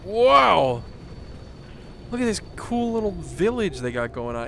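A man giving casual, excitable commentary while playing a VR game at home, swearing casually and laughing often. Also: high voice, unhurried, creaky, slight background noise. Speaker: gaming streamer. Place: home room, seated on the floor.

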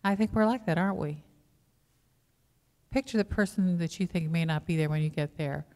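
A woman's voice: on the low side, moderate pace, warm tone. Woman pastor preaching in a reverberant church. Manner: conversational preaching with rhetorical questions to the congregation. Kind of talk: sermon. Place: church sanctuary.

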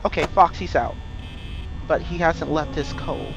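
A hoarse man with laryngitis playing a horror game and commenting as he goes, jumpy, shrieking and swearing when startled. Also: a little high, steady tone, measured pace, over music, rough recording. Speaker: gamer streaming a horror game. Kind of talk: let's play commentary.

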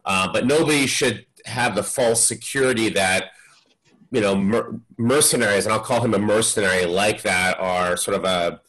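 A man speaking as a guest expert on a webinar panel over a video call, giving measured explanations. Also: lowish voice, fairly bright tone, poor audio.

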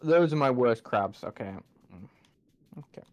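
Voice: medium pitch, animated, a little slow, darkish tone. A gamer commentating on their own play, swearing often and complaining in frustration. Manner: swears a lot and vents at the game. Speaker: gamer playing through a game. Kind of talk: gameplay commentary.

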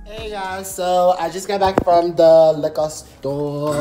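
A man's voice: high-pitched, slow pace, loud music behind the voice. A young man vlogging on his phone in a rented apartment, chatty and rambling, with lots of fillers like "period". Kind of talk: casual vlog talk to camera. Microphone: phone camera.

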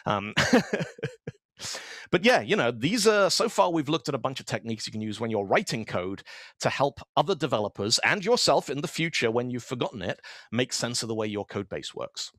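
A man's voice: mid-range voice, normal speed, dry recording, studio quality. A man giving an online tech talk in a conversational way, telling stories and acting out the dialogue in them. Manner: animated storyteller who acts out quoted dialogue; conversational, with frequent fillers and asides. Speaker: conference speaker.

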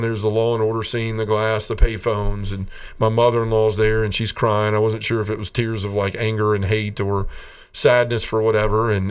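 A middle-aged man with a fairly low voice speaks as a guest on a talk show, sharing a personal testimony in earnest, halting sentences. He often repeats words as he searches for them and lowers his voice when quoting others. The mic sits a little away from him. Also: smooth, recorded from a distance. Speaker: podcast guest.

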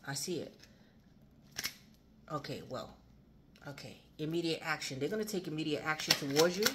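Low-voiced woman giving a tarot reading. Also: a bit bright, a little hiss or hum. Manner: chatty, repetitive, swears, laughs. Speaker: tarot reader.

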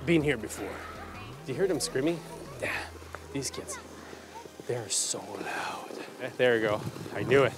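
Man, playful teasing dad, casual vlog, outdoors in snow, handheld camera, bouncy pitch. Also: wildly swooping pitch, measured pace, long pauses, over music. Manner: playful and teasing, often laughing. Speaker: father filming a family vlog. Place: outdoors at a forest ice rink in snow.

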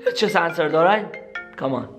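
A young man hosting a prank-call skit vlog, excitable and constantly saying "yo" and "guys". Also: a little high, a little fast, music in the background. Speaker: YouTuber.

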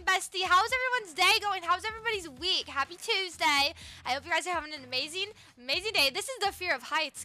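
A woman's voice: very high-pitched, bright, forceful tone. A young woman live-streaming a video game, bubbly and chatty, greeting viewers by name and reacting to the game with gasps. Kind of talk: live gaming stream chat.

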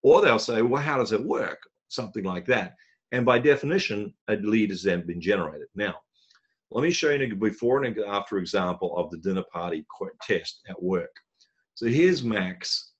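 A man presenting a marketing webinar, telling a story and acting out the dialogue, often clearing his throat. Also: lowish voice, expressive, moderate pace, dull audio.

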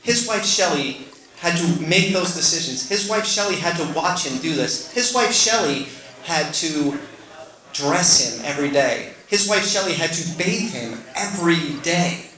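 A man's voice: on the high side, expressive, unhurried, sharp tone, roomy sound, poor audio. A middle-aged man telling a personal story on stage at a story slam, earnest and conversational with self-deprecating asides. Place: stage in a live venue.

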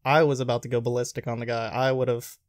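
Speaking quickly at a medium pitch, a young man chats casually as a podcast host, animatedly recounting tales from his restaurant job and acting out the lines people said. The recording is studio quality with no echo.

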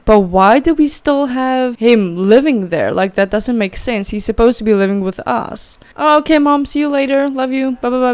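Female gaming host, slightly high voice, casual let's-play commentary, gushing and excitable. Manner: gushing, excitable, talks to the game characters. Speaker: gaming YouTuber.

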